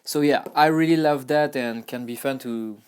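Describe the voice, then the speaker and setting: A man with a French accent teaching a language lesson, speaking slowly and patiently, spelling and repeating words with many fillers. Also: medium pitch, smooth.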